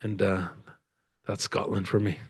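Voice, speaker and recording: A man's voice: fairly low pitch, measured pace, breathy edge, no room sound. Male guest speaker from Canada, loose rambling storyteller with frequent laughs, dry close sound. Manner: rambling, animated, laughs often. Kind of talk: conversational storytelling. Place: lecture event with audience.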